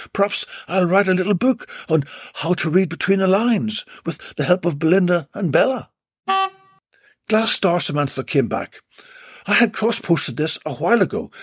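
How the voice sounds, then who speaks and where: Cheeky animated man reading listener posts. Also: fairly high pitch, slightly rough, dry recording. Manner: cheeky, mock-dramatic reading with playful asides. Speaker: podcast host. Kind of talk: comic podcast monologue reading listener posts.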